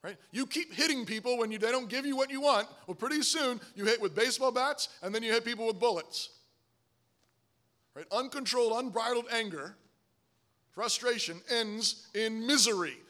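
A man preaching a sermon, emphatic, often asking "Right?", swinging from loud stresses to low, quiet asides. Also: expressive, normal speed. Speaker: pastor.

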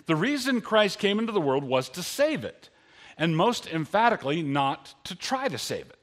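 A man's voice: high voice, very animated, moderate pace, fairly bright tone. A man preaching a sermon in an earnest, conversational way, lifting his voice on key lines.

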